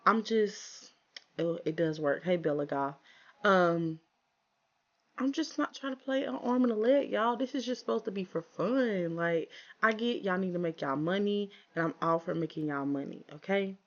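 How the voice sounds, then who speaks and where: A woman speaking narrates her farm game for viewers, talking back to her characters and airing small frustrations. Her voice sits a bit low with a gravelly edge. The recording sounds dull and lo-fi. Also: lively intonation, normal speed. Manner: chatty, talks to viewers and her game characters, exasperated asides. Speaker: gaming channel host. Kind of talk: casual let's-play commentary.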